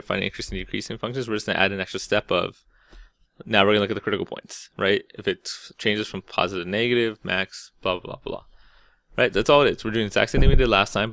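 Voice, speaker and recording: A math teacher with a lowish, sharp voice and vocal fry walks through calculus on a whiteboard in a relaxed, chatty way. He keeps asking "right?" and restarts words mid-thought, captured dry in clean studio sound.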